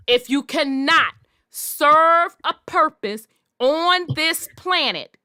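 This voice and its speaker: A woman hosting a podcast, delivering a forceful, profanity-laced monologue in a preachy way. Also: high-pitched, very animated, drawn-out words, no room sound, studio quality. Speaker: podcast host.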